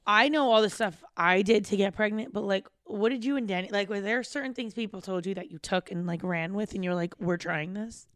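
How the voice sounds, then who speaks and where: A woman in her thirties co-hosts a podcast in loose, casual chat. She talks candidly and swears freely, slipping into other people's voices as she quotes them. Her voice is smooth and clear, recorded close and dry. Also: medium pitch, brisk, hardly any pauses, fairly bright tone, no echo. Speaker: podcast co-host.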